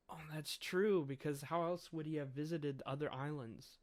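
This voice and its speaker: A man's voice: a little high, fairly even intonation, normal speed, few pauses, dry recording. A man casually reading through and reviewing a comic chapter, chuckling often as he trails off and restarts.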